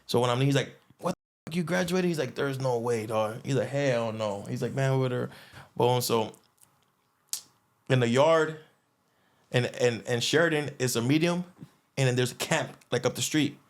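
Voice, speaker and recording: Guest storyteller, male, mid pitch, loose slangy delivery with lots of fillers. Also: normal speed. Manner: animated, acts out others' lines, slangy, frequent restarts and fillers. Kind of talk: casual storytelling.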